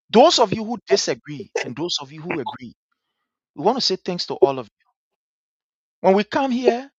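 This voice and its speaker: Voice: medium pitch, slightly rough, no echo. A talk-show host with a Liberian English accent, commenting earnestly on a live stream and repeating words for emphasis. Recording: dry, dull live-stream audio.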